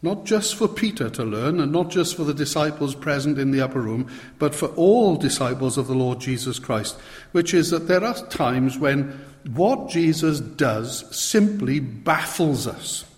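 A man preaching a sermon in a slow, deliberate way, often turning to the listeners with rhetorical questions. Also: on the high side, expressive, long reverb tail.

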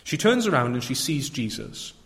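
A man's voice: medium pitch, sing-song, moderate pace, fairly bright tone. A man preaching a sermon in a reflective manner, often turning to rhetorical questions. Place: church. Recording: long reverb of a church.

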